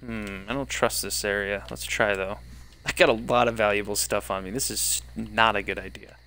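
A man's voice: fairly low pitch, steady tone, moderate pace, bright, forceful tone, a little hiss or hum. A man streaming live gameplay, chatting to himself and his viewers and easily startled.

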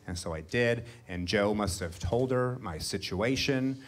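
Animated stand-up comedian man. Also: normal speed. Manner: animated, swings loud and high for punchlines. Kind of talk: stand-up storytelling. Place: comedy club stage before a live audience.

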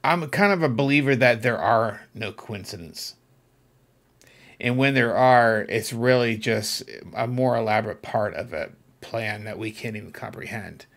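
A man hosting his own podcast, telling a personal story in an earnest, reflective way that turns animated when he gets excited. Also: medium pitch, measured pace. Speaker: podcast host. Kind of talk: casual storytelling monologue.

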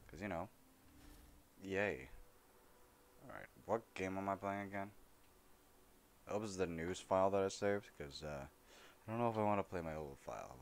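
A young man streaming a shooter game, rambling and joking as he talks to the characters he meets. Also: deep voice. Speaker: gaming streamer. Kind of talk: casual let's-play commentary.

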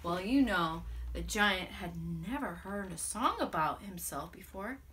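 Expressive woman telling a children's story. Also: mid-range voice, unhurried. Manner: animated, expressive read-aloud with sound effects. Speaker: music teacher. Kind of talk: storytelling to children with ukulele song.

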